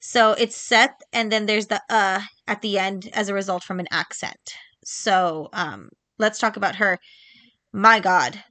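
A woman's voice: mid-range voice, bright, forceful tone, dry recording. A woman hosting a casual book podcast, talking chattily and emphatically, repeating points for stress with lots of ums and little laughs. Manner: quick laughs between points. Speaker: podcast host. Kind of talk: casual solo book chat.

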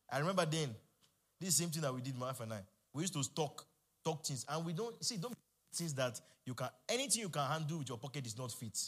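Fervent preacher man. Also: fairly high pitch. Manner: fervent preaching, call-and-response, rising to shouts. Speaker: pastor. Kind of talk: sermon.

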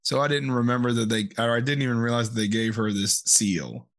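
A man's voice: mid-range voice, a bit bright. A man co-hosting a casual podcast about comics, laughing often and stumbling a little when reading aloud. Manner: laughs often, reads synopsis haltingly. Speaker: podcast co-host. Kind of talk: casual chat.

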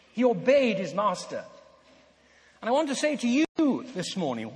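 An older man delivers a sermon in an earnest, emphatic way, slowing down for dramatic pauses. His voice sits high for a man. The sound carries the long reverb of a big hall. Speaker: preacher.

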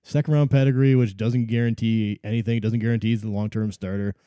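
Fast-talking co-host weighing fantasy picks. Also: male voice, lowish voice, steady tone, dark tone, no room sound, clean studio sound. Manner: quick, hedging analysis. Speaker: podcast co-host. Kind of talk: casual sports chat.

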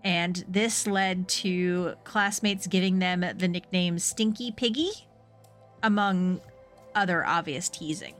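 A young adult woman co-hosting a true crime podcast, telling the story in a relaxed, chatty way with fillers. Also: lowish voice, takes it slowly, faint music behind. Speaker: podcast co-host.

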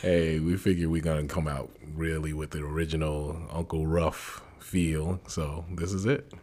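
A man, co-hosting a casual podcast, hesitant with many pauses and chuckles. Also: very deep voice, flat delivery, darkish tone. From New York. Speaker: podcast co-host. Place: dining room.

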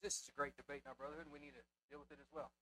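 A male preacher giving a sermon to a live congregation, swinging between hushed asides and loud emphasis and firing rhetorical questions at the listeners. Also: on the high side, flat delivery, very fast, a little hiss or hum. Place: church before a live congregation.

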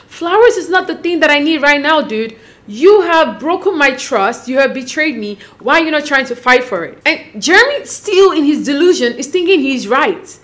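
Sassy, high-voiced woman recapping a show. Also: normal speed. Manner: expressive and sassy, with sudden rises in pitch. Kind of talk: casual recap commentary.

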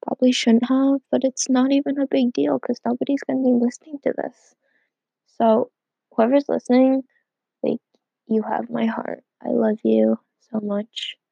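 A woman's voice: fairly high pitch, level tone, measured pace, creaky, breathy edge, no echo, muffled recording. A teenage girl hosting a casual solo podcast from home, rambling and filling every gap with "like". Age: teens. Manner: rambling, heavy use of "like". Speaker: podcast host.

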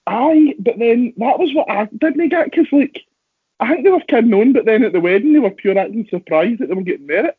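A man's voice: extremely high pitch, expressive, a little fast, breathy edge, dry recording. A young Scottish man, a professional wrestler, chatting casually and rambling with self-deprecating asides. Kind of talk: casual podcast chat. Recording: dry, phone-like lo-fi audio.

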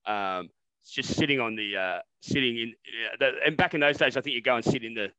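An Australian man co-hosting a satirical podcast, rambling and animated, swearing freely in casual banter. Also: mid-range voice, a little fast, clean tone, no echo, low-quality recording. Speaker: podcast co-host.

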